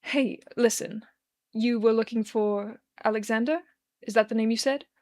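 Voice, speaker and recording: A woman voicing a kindly, composed man who speaks gently and reassuringly. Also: a little high, fairly even intonation, moderate pace, lightly acted. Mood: soothing.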